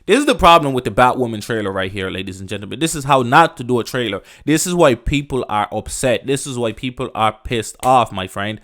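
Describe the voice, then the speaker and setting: With lively intonation and a moderate pace, the same kind of medium-pitched, slightly bright male voice rants casually as a podcast host. The talk wanders and restarts, stays profane and emphatic, and is peppered with "bro" and "you know what I'm saying."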